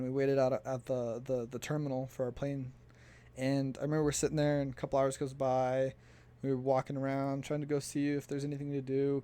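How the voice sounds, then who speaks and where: A man's voice: medium pitch, dark tone. A young man from the United States casually telling a story for his vlog, chatty and laughing as he recounts. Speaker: vlogger.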